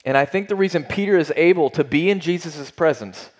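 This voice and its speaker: A man's voice: on the high side, brisk. A man preaching a sermon, earnest and emphatic, asking rhetorical questions and repeating phrases for weight. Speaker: pastor.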